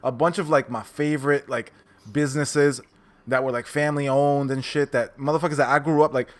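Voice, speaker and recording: A man from the Bronx talks in a New York accent on a laid-back gaming podcast. His voice sits in a middle pitch. He speaks bluntly, with lots of swearing and a "bro" at the end of each thought. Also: fairly even intonation, brisk. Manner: profane, emphatic, says "bro" a lot. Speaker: podcast host. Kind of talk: casual gaming podcast chat.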